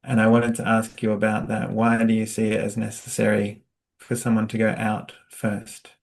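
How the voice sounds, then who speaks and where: A young Australian man conducts a relaxed interview. He speaks in an even, fairly flat tone with frequent pauses and fillers, gentle and unhurried. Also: on the low side. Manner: soft-spoken, hesitant with fillers, laughs lightly. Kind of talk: casual conversational interview.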